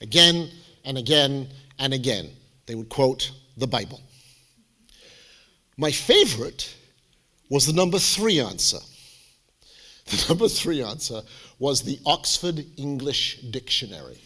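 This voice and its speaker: A man speaking as a college admissions adviser, giving a lively, theatrical presentation to students and parents. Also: medium pitch, a little slow, long pauses. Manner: animated, theatrical, jokey storyteller.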